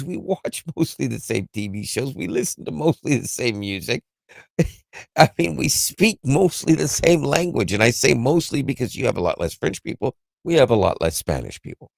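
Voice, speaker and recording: A man's voice: medium pitch, gravelly, a little mellow, dry recording, studio quality. A man from Canada co-hosting a live podcast, chatting casually and animatedly, joking around and slipping into mock accents. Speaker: podcast co-host.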